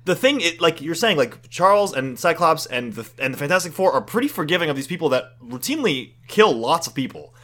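A man's voice: on the high side, sing-song, fairly quick, hardly any pauses, a bit bright. A man arguing his view on a comic in casual chat, emphatic and blunt, with some swearing. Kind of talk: casual comic book discussion.

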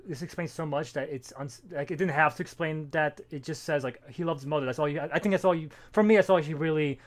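A man talking casually about comics, halting and full of fillers. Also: on the high side. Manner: fast, halting, many fillers. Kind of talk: casual comic book discussion.

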